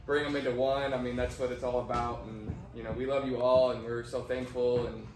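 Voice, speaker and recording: A man's voice: medium pitch, little pitch movement, brisk. A young man, the groom, giving an earnest thank-you speech with lots of fillers. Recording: echoey room, distant, with music.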